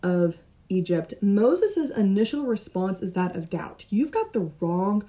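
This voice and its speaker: A young woman teaches a Bible study in a relaxed, conversational way. She reads passages aloud, then talks them over with lively emphasis and keeps checking in with her listeners. Her voice sits at a middle pitch. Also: unhurried. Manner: conversational, animated, asks frequent "right?" tag questions. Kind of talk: casual Bible study teaching with scripture reading.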